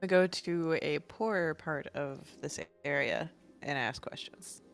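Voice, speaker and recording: A woman's voice: low-pitched, measured pace, vocal fry, faint music behind. A woman playing a tabletop game, making dry, laid-back remarks. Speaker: player. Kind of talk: casual tabletop game chat.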